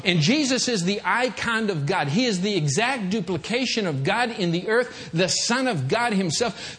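High-voiced man preaching a sermon. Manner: animated, acts out little scenes. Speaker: guest preacher. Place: church.

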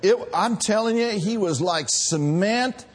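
A middle-aged male pastor preaching a sermon in a church, animated and laughing as he calls out to the congregation. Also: sits high, a little slow.

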